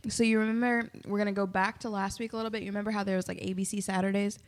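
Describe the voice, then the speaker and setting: A young woman co-hosting a podcast in casual chat, excitable and giggly. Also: mid-range voice, rapid-fire. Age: young adult. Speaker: podcast co-host.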